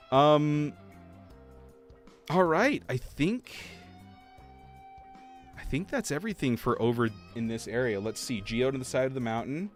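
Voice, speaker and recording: Streamer, male, lively up-and-down delivery, faint music underneath. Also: mid-range voice, unhurried, pauses often. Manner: chatty, animated, soft laughs. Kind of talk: casual livestream gameplay chat.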